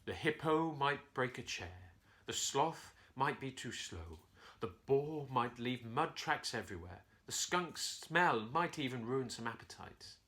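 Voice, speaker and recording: A man voicing a kindly, wise lion king who speaks gently and calmly. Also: medium pitch, measured pace. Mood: gentle. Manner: gentle, calm, quiet.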